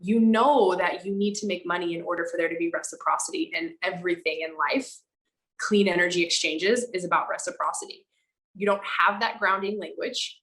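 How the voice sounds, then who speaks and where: A woman's voice: fairly low pitch, brisk, rough recording. A woman guest on a podcast telling personal stories candidly, acting out the dialogue she quotes, with many "like"s and the odd swear word. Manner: animated, acts out quoted dialogue, frequent "like"; speaks frankly, with casual swearing. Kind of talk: candid conversational storytelling.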